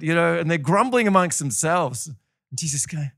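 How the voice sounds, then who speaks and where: An animated man delivers a sermon, his pitch rising and falling a lot as he tells stories. His voice sits a little high for a man. The sound is dry and close, with no room echo. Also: brisk, gravelly. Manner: animated storytelling with acted-out voices. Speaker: preacher.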